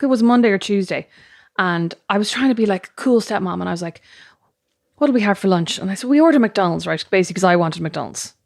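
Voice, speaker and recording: An Irish woman co-hosting a podcast, chatting quickly and jokingly about her week. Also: medium pitch, expressive, gravelly, no echo, studio quality. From Ireland. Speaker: podcast co-host. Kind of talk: casual chat.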